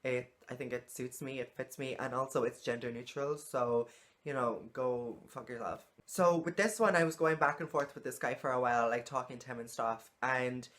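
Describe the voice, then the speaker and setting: A woman's voice: very deep voice, normal speed. A woman talking frankly to camera in a casual vlog, exasperated and swearing freely. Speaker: vlogger.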